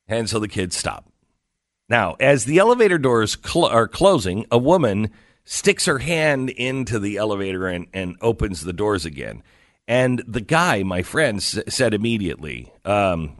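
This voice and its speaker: A man's voice: on the low side, sing-song, moderate pace, a bit bright, dry recording, clean studio sound. A middle-aged man hosting a talk radio show, telling a story and acting out the quotes as he goes.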